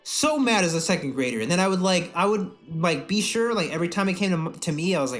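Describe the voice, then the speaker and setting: A man co-hosting a podcast in casual chat, animated and profane, often laughing. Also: high-pitched, fast talker, few pauses, soft background music. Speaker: podcast co-host.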